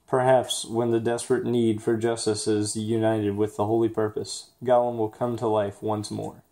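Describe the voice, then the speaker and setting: A man reading a picture book aloud for an assignment, steady in the story and hesitant with fillers when he poses questions. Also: lowish voice, moderate pace. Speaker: student reader.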